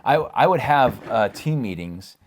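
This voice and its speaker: Playful man with a lively voice. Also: medium pitch. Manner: playful, quick to laugh and slip into voices. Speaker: co-host. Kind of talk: casual chat.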